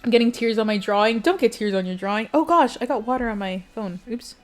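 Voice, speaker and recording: A woman's voice: a little high, fast talker. A young woman streamer in casual chat with her viewers, giggly and emotional, talking straight to her chat.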